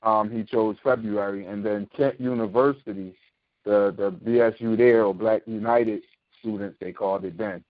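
A low-voiced man hosting a casual talk show, laying out his opinions in an emphatic, explanatory way. The sound is thin and phone-like, with no room echo at all. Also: fairly even intonation, moderate pace. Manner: emphatic, explanatory, frequent "you know what I mean".

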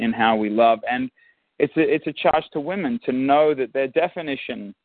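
A man's voice: mid-range voice, no echo, phone-quality sound. Aussie guy guesting on a podcast, thoughtful, lots of restarts, dry phone-ish sound. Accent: Australian. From Australia. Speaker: musician and actor, guest. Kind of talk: casual interview.

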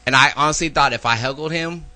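A man's voice: on the high side, fast talker, bright, forceful tone. A man in a casual chat who jokes in a crude, profane, boisterous way. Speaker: guest.

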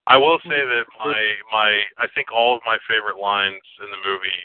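A man's voice: fairly low pitch, brisk. A man co-hosting a podcast, talking casually about films and often repeating words while he searches for them. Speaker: podcast co-host. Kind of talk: casual film chat. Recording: tinny phone-like sound.

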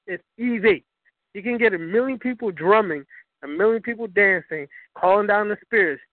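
A man's voice: high-pitched, no room sound. A man giving an impassioned, profane lecture on spirituality, preaching and hammering his points home. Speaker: spiritual teacher. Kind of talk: impassioned lecture on a call-in broadcast. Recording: dry tinny phone line.

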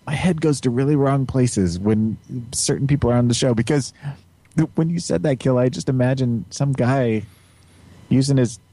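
Rambling, giggly host with a mellow voice. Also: male voice, medium pitch, normal speed, no room sound. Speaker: podcast host. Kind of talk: casual chat.

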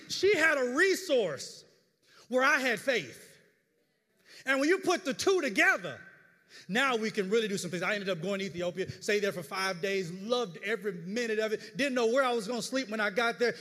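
A middle-aged male pastor preaching a sermon, telling stories with stammered repeats that run on into the next phrase. His voice sits high for a man. The sound rings with a long reverb, as if caught in a church hall. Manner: animated storytelling with stammered repeats.

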